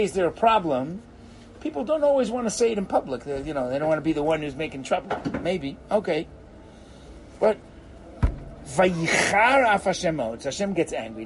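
A man teaching an animated Torah class, theatrical, acting out characters and sprinkling in Hebrew phrases. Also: a little high, a little hiss or hum, low-quality recording.

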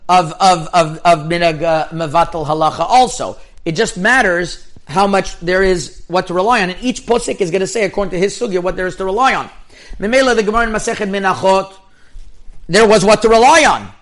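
A man teaching Jewish law in a Torah lecture. He speaks emphatically in rapid bursts, restarts often, and mixes in Hebrew and yeshiva terms. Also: high voice, a bit bright.

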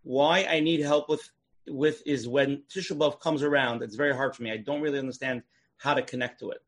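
A man moderates a question-and-answer session over a video call at a quick clip. His pitch sits in the middle, and he talks casually with small fillers. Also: fairly even intonation.

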